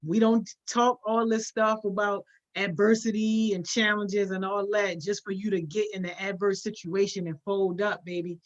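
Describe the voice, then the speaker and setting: A woman hosting a live stream, talking casually and greeting viewers one by one with slangy encouragement. Her voice sits at a middle pitch for a woman. The audio is a little dull and lo-fi. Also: fairly even intonation, moderate pace. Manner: upbeat, greets viewers by name, slangy with "baby" and "yo"; encouraging, motivational. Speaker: host of a youth program livestream.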